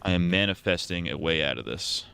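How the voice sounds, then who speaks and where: Deep-voiced man rambling on a game stream. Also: expressive, a little fast, creaky, pushed and bright, clean tone. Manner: rambling, joking, self-mocking. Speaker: live streamer. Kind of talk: casual live-stream gaming commentary.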